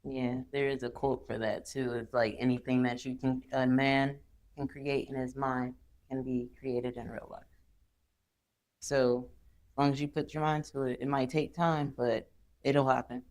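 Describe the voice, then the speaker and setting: A woman's voice: very deep voice, little pitch movement, unhurried, darkish tone. A woman hosting a podcast, chatting casually and asking questions in a conversational, self-deprecating way. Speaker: podcast host. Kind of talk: casual interview chat.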